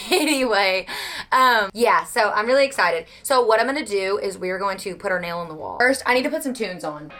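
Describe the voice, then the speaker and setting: A woman's voice: medium pitch, expressive, normal speed, fairly bright tone. A young woman with a Southern US accent, chatting casually and rambling at home as a book vlogger, gushing and self-deprecating.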